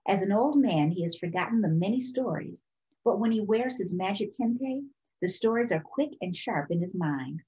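A woman reading a children's picture book aloud for storytime in a calm, expressive way. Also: medium pitch, moderate pace, highs cut off. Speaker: storytime reader.

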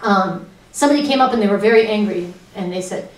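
A woman's voice: mid-range voice, brisk. Earnest woman activist, echoey distant sound. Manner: urgent, earnest, storytelling. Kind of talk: impassioned spoken talk. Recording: roomy echo, distant mic.

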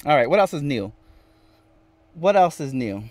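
A man's voice: on the high side, sing-song, moderate pace, a little mellow, no room sound. Playful man chatting from his van. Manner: playful, repeats phrases, reads viewer comments aloud. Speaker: vanlife livestream host. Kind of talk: casual live-stream chat reading comments. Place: inside a van.

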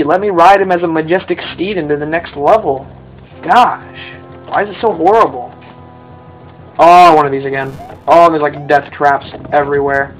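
Young guy hyped up doing a let's play, voice on the high side, faint game music under it. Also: moderate pace, low-quality recording. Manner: excitable, swings into high yelps. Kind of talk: excited gameplay commentary.

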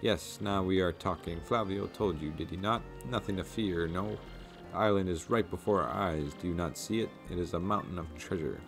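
A pompous, vain merchant who boasts and lords it over everyone, speaking in a grand, drawn-out manner, as a man puts him on. His voice sits fairly low and dark. Soft game music plays underneath. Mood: boastful. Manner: grandiose, drawn-out lordly delivery with haughty laughs. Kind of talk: reading game dialogue aloud.

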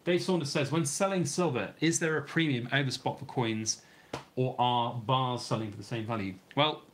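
A man's voice: medium pitch, normal speed, slight background noise. A British man hosting a long live stream, reading out viewer comments and answering them in a rambling, chatty way, his voice getting a bit worn. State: starting to lose his voice. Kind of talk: casual live stream chat.

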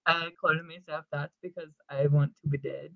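Give me a woman playing a gloomy young man who wants to die, with a mumbly, deadpan delivery and a fake European accent. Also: low-pitched, moderate pace, vocal fry, no echo, voice pushed down. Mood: mopey. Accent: put-on vague European accent. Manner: mopey, flat and quiet. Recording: dull lo-fi podcast mic.

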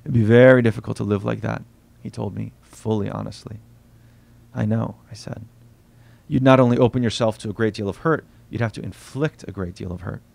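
A man reading aloud from his own novel at a bookstore event, quiet and unhurried, voicing the dialogue softly. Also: on the low side, steady tone, gravelly.

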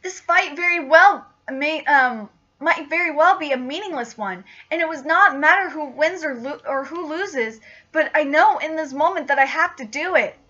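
A woman's voice: sits high, moderate pace, sharp tone, pitched below the performer's own voice. A woman reading as an earnest teenage boy hero. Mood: determined. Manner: earnest, resolute. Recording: dull lo-fi recording.

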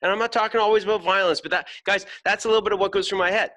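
A man's voice: high voice, fairly even intonation, racing, bright, forceful tone. A middle-aged man hosting a podcast, giving a blunt, emphatic motivational talk full of swearing. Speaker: podcast host.

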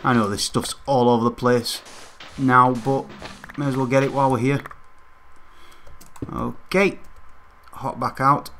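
A man's voice: mid-range voice, little pitch movement, measured pace, pauses often, sharp tone, slight background noise. A young man hosting a gaming channel, chatting casually to his viewers as he plays. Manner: chatty, talks straight to viewers. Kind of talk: casual gameplay commentary.

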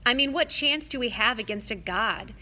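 A woman's voice: fairly high pitch, animated, moderate pace, bright, forceful tone, slight background noise. Woman reading as a blunt boy hero. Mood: curious, blunt. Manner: questioning, blunt. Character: twelve-year-old boy hero, skeptical and blunt.

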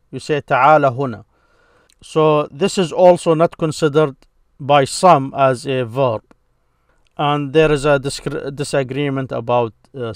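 A male teacher goes through a grammar lesson slowly and patiently, often pausing and restarting to make the point clear. His voice sits at a middle pitch. The recording is close and dry, with no room sound. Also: dry recording. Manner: slow, patient explaining with pauses and restarts. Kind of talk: explanatory lesson.

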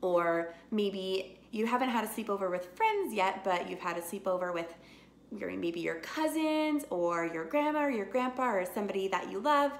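A woman teacher reading a picture book aloud to children, with lively character voices and chatty asides. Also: mid-range voice, moderate pace. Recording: echoey room.

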